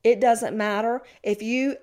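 A woman podcast host and former prosecutor who argues forcefully, pressing with rapid questions in a heated debate. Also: on the high side, fairly even intonation.

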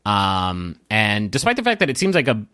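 A man's voice: fairly low pitch, huge pitch swings, moderate pace, bright, forceful tone, smooth, dry recording. Man narrating as game master, dry. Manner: rambling, filler-heavy narration.

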